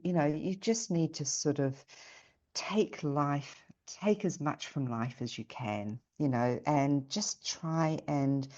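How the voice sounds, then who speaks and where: Middle-aged woman, from New Zealand, low voice, chatty and rambling storyteller, muffled call audio. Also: warm tone. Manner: chatty, rambling, with many restarts. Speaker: guest. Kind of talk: casual storytelling chat.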